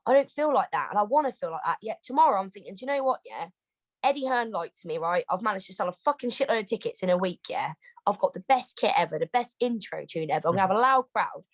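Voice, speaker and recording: Fast, sweary British woman boxer. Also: mid-range voice, dry recording, poor audio. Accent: British English. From Britain. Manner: rapid, animated and heavily swearing. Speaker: boxer, interview guest. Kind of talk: casual interview chat. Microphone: video call.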